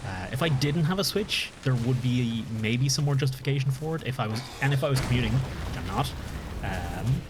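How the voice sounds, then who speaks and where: A man's voice: medium pitch, expressive, brisk, noisy background. A man with an Irish accent chatting casually on a live stream while gaming, rambling and often restarting his sentences. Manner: rambling, restarts and corrects himself.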